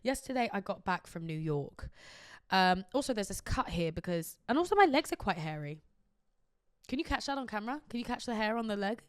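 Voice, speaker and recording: A woman hosting her own podcast, chatting casually and telling animated stories with lots of laughter. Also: mid-range voice, brisk, clean tone, no room sound, studio quality. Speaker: podcast host. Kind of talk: casual chat.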